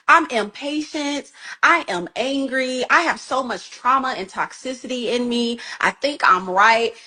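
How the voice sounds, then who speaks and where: A woman's voice: on the high side, animated, normal speed, bright, forceful tone. A woman talking candidly about her own flaws in marriage, frank, emphatic and self-mocking. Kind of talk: candid confessional talk.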